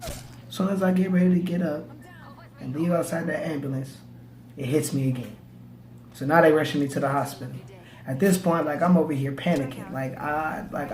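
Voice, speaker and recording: A man's voice: on the high side, normal speed, darkish tone. A young man casually telling a personal story in slang, with stammered restarts. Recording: echoey room, faint ambience.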